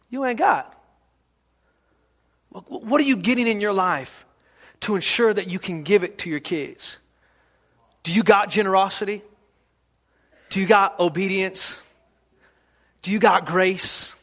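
High, bright-voiced man preaching. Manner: preaching with repetition and sudden shouts. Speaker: pastor. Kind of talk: sermon.

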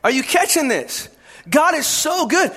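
A man preaching a sermon with passion, often raising his voice to a shout for emphasis. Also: extremely high pitch, sing-song, a little slow. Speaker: pastor.

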